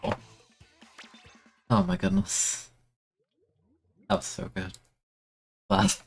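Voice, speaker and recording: A young man streaming a video game, chatting excitably and self-mockingly, often stammering and repeating words. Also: fairly low pitch, drawn-out words, vocal fry, husky, soft background music. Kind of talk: casual gameplay commentary.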